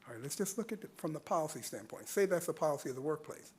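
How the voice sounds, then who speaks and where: A man addresses a public meeting from the podium, talking very fast in a fairly high voice with lively intonation and a breathy edge. His earnest comment leans on rhetorical questions and repeated points.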